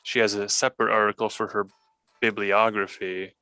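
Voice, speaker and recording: Bright, crisp Midwestern man. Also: lowish voice, little pitch movement, no room sound, faint music behind. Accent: Midwestern American. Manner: slow, deliberate enunciation. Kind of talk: casual chat.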